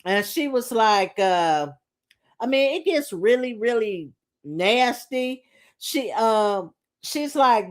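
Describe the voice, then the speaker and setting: A woman's voice: on the high side, expressive, takes it slowly. Sassy woman recapping reality TV. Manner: sassy, opinionated, quotes the cast with attitude. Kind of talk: casual episode recap.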